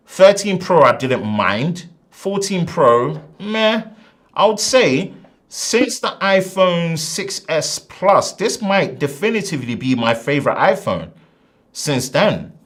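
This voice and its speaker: A man hosting a casual tech live stream, animated and slangy, swinging between loud bursts and quiet asides. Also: medium pitch.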